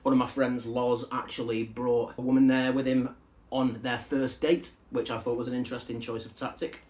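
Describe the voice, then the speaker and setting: A man's voice: medium pitch, little pitch movement, moderate pace, a little mellow. A man chatting casually to camera as he unboxes records, rambling into side stories and asides. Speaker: record collector showing a parcel of vinyl albums.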